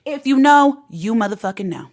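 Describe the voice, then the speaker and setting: A woman vlogger delivering an opinion callout rant in a sassy, profane, animated way. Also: on the high side, normal speed.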